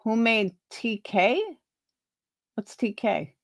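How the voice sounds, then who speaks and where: A woman's voice: fairly high pitch, takes it slowly, dry recording, clean studio sound. A woman live streamer chatting casually with her viewers, opinionated and rambling, restarting her sentences.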